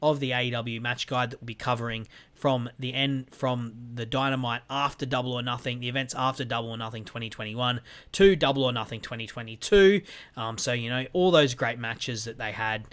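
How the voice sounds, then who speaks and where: In a home room with weights and a guitar, a podcast host wraps up his casual solo show. His mid-range voice is steady, fairly quick and a bit bright, and he talks in a chatty, rambling way, with plenty of fillers and restarts.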